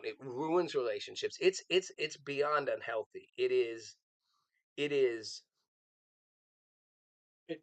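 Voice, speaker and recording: A man's voice: medium pitch, fairly bright tone, no echo, low-quality recording. A man giving earnest political commentary on a live show, rambling with restarts and repeated words.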